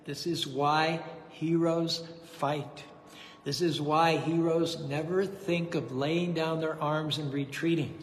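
A man voicing a calm divine counselor who consoles a grieving friend in measured, solemn words. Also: on the high side. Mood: consoling. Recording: echoey hall, faint noise.

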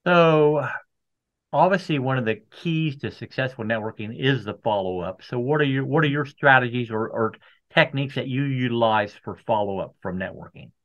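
A man's voice: mid-range voice, normal speed, fairly bright tone. A man hosting a podcast interview, asking questions in a friendly way and joking about his own slip-ups. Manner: friendly, jokes about himself. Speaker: podcast host. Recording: dull lo-fi audio.

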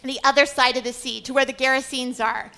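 A woman's voice: high-pitched, level tone, a little fast, vocal fry, sharp tone. A woman giving a Bible study lecture, telling the story expressively with dramatic asides. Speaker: Bible teacher.

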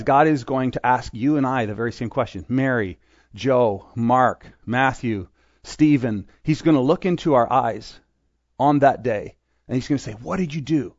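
A man's voice: medium pitch, dry recording, lo-fi sound. A middle-aged man preaching a sermon as pastor, acting out characters as he tells the story and asking the congregation direct questions.

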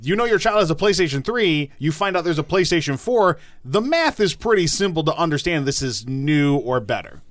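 A man's voice: fairly high pitch, sing-song, brisk, hardly any pauses, fairly bright tone, no room sound, studio quality. A man co-hosting a casual gaming podcast, making his points in a direct, plain way. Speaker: podcast co-host.

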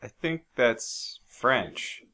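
A man co-hosting a podcast in casual chat, crude and joking, laughing often and breaking into loud impressions. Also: mid-range voice, sing-song, very slow. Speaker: podcast co-host.

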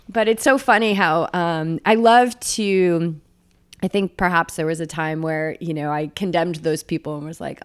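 A woman hosting a casual chat, animated and telling stories while mimicking people. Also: low voice, moderate pace, clear, resonant tone. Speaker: podcast host.

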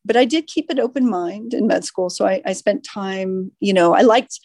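Lively, laughing woman surgeon guest. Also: medium pitch, moderate pace, no echo, clean studio sound. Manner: lively storyteller, laughs often. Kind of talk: podcast interview.

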